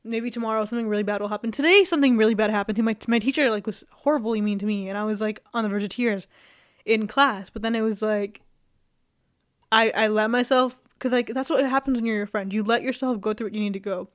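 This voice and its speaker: A woman's voice: fairly high pitch, quick pace. A young woman vlogging in a loose, rambling chat, full of fillers, easy laughs and casual swearing.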